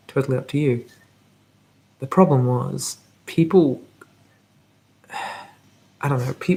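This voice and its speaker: Soft-spoken man in a whispered Q&A. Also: medium pitch, slight background noise. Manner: soft, rambling, reads out viewer comments. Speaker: ASMR channel host. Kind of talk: live whispered Q&A.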